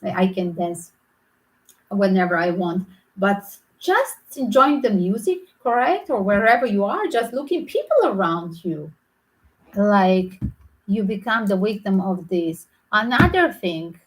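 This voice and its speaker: A woman's voice: on the high side, poor audio. A woman tarot reader talking through a rambling, opinionated vlog commentary, emphatic and full of restarts.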